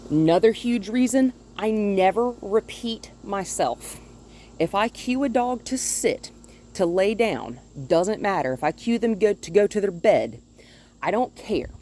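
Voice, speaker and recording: A woman dog trainer filming outdoors on a phone held in one hand, calmly explaining her methods and now and then talking to the dog in a high sing-song voice. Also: measured pace, a little hiss or hum. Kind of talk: instructional dog-training video. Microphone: phone held in one hand while filming.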